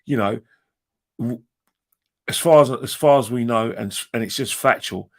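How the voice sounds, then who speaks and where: A man's voice: mid-range voice, moderate pace, creaky. A man co-hosting a casual boxing chat, giving emphatic opinions with frequent restarts. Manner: emphatic, repeats himself.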